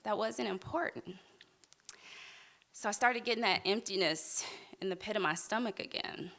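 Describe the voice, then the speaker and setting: A woman tells a personal story on a live stage, heartfelt and candid. Her voice is bright and clear, set at an ordinary middle pitch for a woman. Wry humor runs through her telling. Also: moderate pace.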